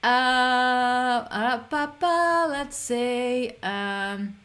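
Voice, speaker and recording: A woman's voice: fairly high pitch, very slow, fairly bright tone. A woman hosting a casual stream, reading out chat messages in an upbeat, giggly way with lots of fillers. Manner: chatty, upbeat, giggly, many fillers and restarts.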